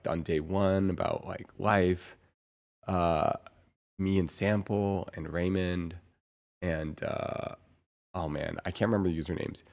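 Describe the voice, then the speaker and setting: A man streamer chatting casually to his viewers, rambling and halting, with lots of fillers and restarts. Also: deep voice, darkish tone. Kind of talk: casual live-stream chat.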